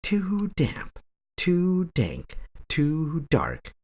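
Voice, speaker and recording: A tiny fretful storybook mouse squeaks in a high voice, as a man puts him on. Each word comes out small and fussy. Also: wildly swooping pitch, extremely slow, a little mellow, heavily acted.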